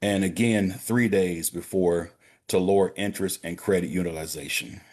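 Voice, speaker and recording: A banker delivers a hands-on money-management talk during a prayer call, addressing his audience as gentlemen and brothers. His voice is deep, with fairly level intonation and a moderate pace.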